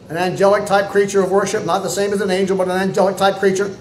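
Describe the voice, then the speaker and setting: High-voiced pastor guy preaching, folksy and rambling then emphatic, echoey church room. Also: flat delivery, fast, a little hiss or hum. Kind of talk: sermon. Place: church sanctuary.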